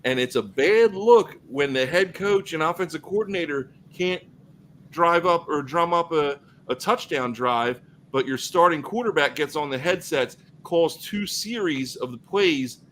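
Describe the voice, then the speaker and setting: A man's voice: on the high side, a little slow, a little hiss or hum, poor audio. A man co-hosting a football podcast, talking loosely in casual sports chat with plenty of fillers. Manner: animated, loose, lots of fillers. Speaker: podcast co-host.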